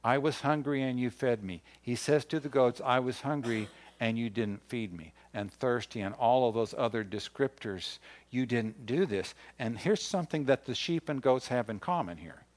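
A man's voice: mid-range voice, moderate pace. Man preaching a sermon. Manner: reads scripture aloud, rising in emphasis on key points. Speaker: pastor.

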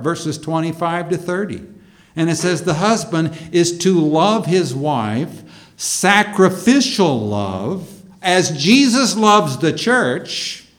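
A man preaching a sermon in a slow, measured way, rising with emphasis on key points. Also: on the high side. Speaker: pastor.

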